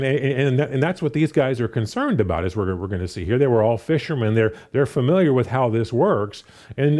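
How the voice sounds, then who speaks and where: A man preaching a sermon, talking through a scripture passage with lots of fillers and restarts. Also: mid-range voice. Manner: animated, many fillers and restarts. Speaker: pastor.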